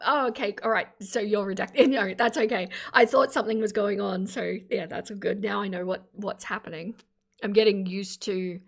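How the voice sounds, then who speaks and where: A woman's voice: medium pitch, creaky. A woman in her thirties hosting a casual reaction livestream, chatty and opinionated, thanking viewers as she talks.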